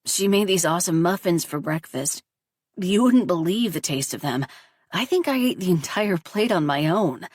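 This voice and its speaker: A woman's voice: fairly low pitch, moderate pace, husky, no echo, clean studio sound, far from the mic. A woman reading the lines of an earnest teenage boy in a storybook, speaking plainly in her own voice. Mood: cheerful. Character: teenage boy, son, shaken but hopeful.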